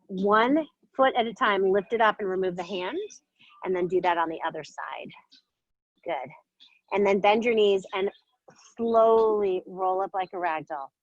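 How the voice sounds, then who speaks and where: A playful woman leads a yoga class with bright, encouraging cues, a little out of breath as she moves through the poses. Her voice sits at an ordinary pitch and sounds close and dry, with a slightly muffled, dull quality to the recording. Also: a little slow, dry recording. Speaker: yoga instructor. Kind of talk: guided yoga class instruction.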